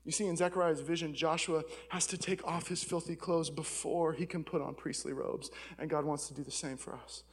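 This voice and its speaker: High-voiced man preaching candidly. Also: fairly even intonation, fairly quick, hardly any pauses, breathy edge. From Seattle. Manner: candid, conversational storytelling with frequent "man" and "I'll be real". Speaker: pastor. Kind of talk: sermon. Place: church stage.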